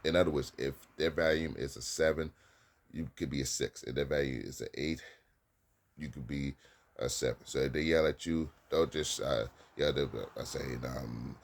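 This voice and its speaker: A man's voice: rumbling low, fairly even intonation, moderate pace, gravelly. A man speaking casually as an experienced teacher, giving plain-spoken advice and repeating his points, with sometimes stern commands.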